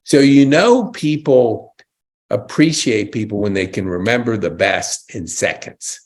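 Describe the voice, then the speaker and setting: Chatty guy hosting a podcast, kinda raspy, gets excited a lot. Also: lowish voice, unhurried. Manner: enthusiastic, chatty, exclamations. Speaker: podcast host. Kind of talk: casual interview chat.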